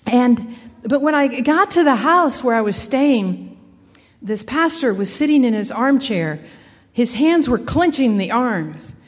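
A woman's voice: a little high, animated, measured pace, big-room sound. A woman giving an earnest personal faith testimony in a conversational storytelling way, with frequent restarts. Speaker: speaker sharing a personal testimony.

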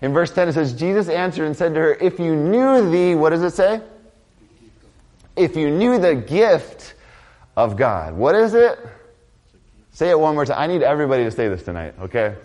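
A man preaching a conversational sermon as pastor, swinging between loud emphatic lines and quiet, low asides. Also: expressive, fast.

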